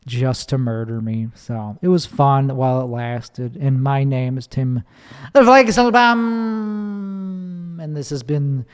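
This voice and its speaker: A man's voice: mid-range voice, flat delivery, measured pace, few pauses, warm tone. A man hosting his own podcast, rambling casually and swearing freely as he tells a story. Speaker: podcast host. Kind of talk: casual solo monologue. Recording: long echoing reverb.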